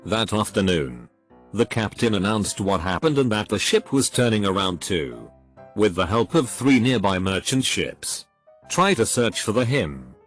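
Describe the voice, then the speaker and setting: Guy reading forum stories, lowish voice but lively ups and downs, quiet music under it. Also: a little slow. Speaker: narrator.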